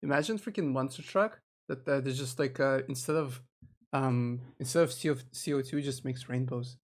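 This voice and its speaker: Streamer rambling at a desk mic, mid-pitched voice, lots of restarts. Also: moderate pace. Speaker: VTuber streamer. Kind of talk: live reaction commentary.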